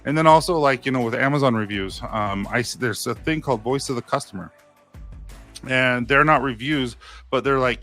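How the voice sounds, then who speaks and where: A man's voice: mid-range voice, brisk, sharp tone, soft background music. A man in his thirties hosting a live stream, telling stories in a casual, earnest, rambling way with frequent restarts. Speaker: live stream host answering viewer comments.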